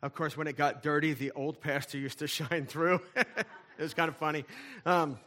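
A male pastor delivers a sermon with emphatic repetition and rhetorical questions. His voice sits a little high and rings bright and forceful. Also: steady tone, normal speed. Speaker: lead pastor. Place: church.

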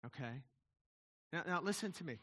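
A man's voice: fairly high pitch, animated, moderate pace, sharp tone, slightly rough. A man in his fifties, a pastor giving a chatty, digressive sermon with frequent asides to the congregation. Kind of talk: conversational sermon.

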